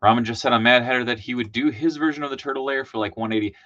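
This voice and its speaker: A man hosting a toy livestream, talking fast and wired, rambling and greeting chat by name. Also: mid-range voice, steady tone. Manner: hyped, rambling, shouting out chat names. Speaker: host. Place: home basement room. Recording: dull lo-fi stream audio.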